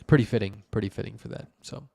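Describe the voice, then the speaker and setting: A man with a lowish voice talks through article reviews off the cuff. He rambles, stacks up fillers and restarts his sentences as he explains things at length. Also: quick pace, gravelly, darkish tone. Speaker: host reviewing wiki articles. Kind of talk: casual solo commentary.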